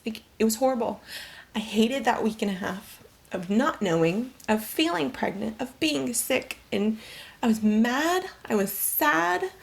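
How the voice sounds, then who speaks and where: A woman's voice: a little high, gravelly. Candid young woman telling a personal story. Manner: candid, emotional, rambling with fillers. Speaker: vlogger.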